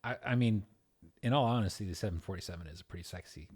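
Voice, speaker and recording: Podcast co-host, man, lowish voice, dry casual replies. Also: fast, a little mellow, breathy edge.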